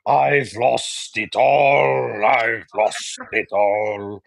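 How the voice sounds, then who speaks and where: A man voicing a defeated Russian male athlete with a put-on Russian accent and a slow, mournful drawl. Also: mid-range voice, vocal fry.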